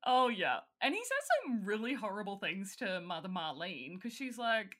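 A woman's voice: mid-range voice, sing-song, normal speed, fairly bright tone. A woman casually recapping a film's plot, giggling often. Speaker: podcast co-host. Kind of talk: casual chat recapping a film.

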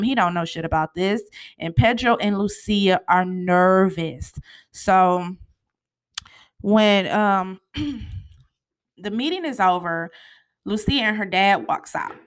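A woman talking through a TV episode recap in a loose, chatty way. Her voice sits at a middling pitch. She keeps it lively and conversational, scattering "you know" and "honey" through her talk. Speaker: TV show recap host.

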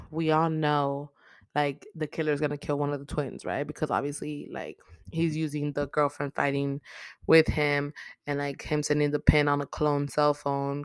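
A host recapping a horror movie in casual, profane slang, with lots of filler words and quick acted-out lines for the characters. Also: medium pitch, clean tone, dry recording, studio quality. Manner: profane, chatty, slangy storytelling.

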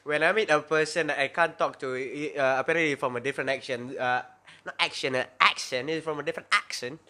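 A man's voice: on the high side, fairly even intonation, fast, bright, forceful tone. A young man with a Singaporean English accent, chatting casually and rambling with lots of fillers and slang. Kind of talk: casual chat.

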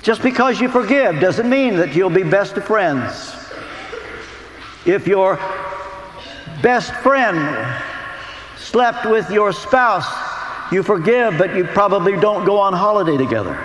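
Brief: male preacher, earnest storyteller, high lively voice, roomy tent echo. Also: a little hiss or hum. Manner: storytelling, earnest, dramatic pauses. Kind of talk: sermon. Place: big top tent.

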